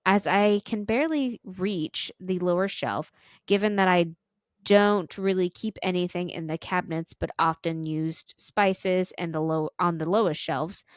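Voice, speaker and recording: A woman's voice: on the low side, a little slow, dry recording, clean studio sound. A woman podcast co-host reading a listener's story aloud, with small stumbles and restarts.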